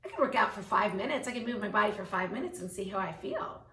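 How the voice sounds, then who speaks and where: A woman's voice: mid-range voice, expressive, quick pace, a bit bright, echoey room, recorded from a distance. A woman in her fifties, a health coach, giving an upbeat, emphatic motivational talk to camera. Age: 50s.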